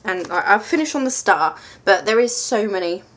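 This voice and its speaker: A woman's voice: medium pitch, lively intonation, moderate pace, fairly bright tone. A woman chatting casually through a tarot deck review, rambling and self-mocking with lots of ums.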